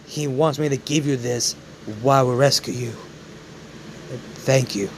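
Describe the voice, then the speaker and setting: A man voicing a grateful adult hero who speaks quietly and thankfully, for a fan-made story. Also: mid-range voice, steady tone, measured pace, slight background noise, voice pushed down, lightly acted.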